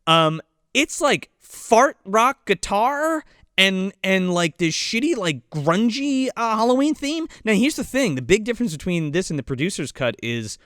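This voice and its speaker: A man's voice: high voice, big pitch swings, a little slow, fairly bright tone, dry recording, clean studio sound. A man co-hosting a casual movie review podcast, talking with profanity and mocking impressions. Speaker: podcast co-host.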